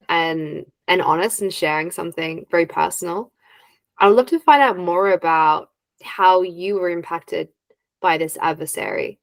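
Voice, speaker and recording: A woman co-hosting a podcast, gently affirming a guest and asking follow-up questions. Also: lowish voice, no room sound. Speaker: podcast co-host and coach. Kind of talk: casual podcast conversation.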